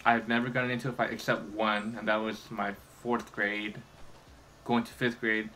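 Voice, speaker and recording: Young male gamer, bright tense tone, loose rambling storyteller who curses a lot. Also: on the low side, level tone, moderate pace, slight background noise, low-quality recording. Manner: rambling, swears freely, many restarts. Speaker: gaming vlogger. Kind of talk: casual storytelling while gaming.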